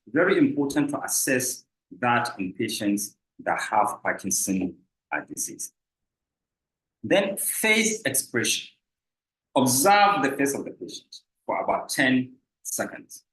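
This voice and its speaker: A man's voice: on the high side, fairly bright tone. A man explaining a clinical assessment in a teaching lecture, patient and repetitive, with frequent filler sounds. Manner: explanatory, repeats key points, frequent "uh" fillers. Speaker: clinical instructor. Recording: echoey room.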